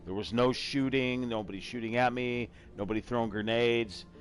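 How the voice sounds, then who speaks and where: A man's voice: mid-range voice, fairly even intonation, normal speed. A middle-aged man hosting a casual gaming chat show, talking in a rambling, self-deprecating way. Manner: rambling, self-deprecating, slips into a joking put-on accent. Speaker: podcast host.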